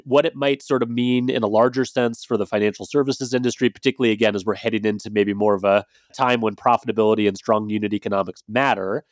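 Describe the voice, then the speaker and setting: A man's voice: mid-range voice, no room sound, studio quality. A man hosting a podcast in a casual, chatty way, with loose phrasing and hedging fillers. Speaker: podcast host.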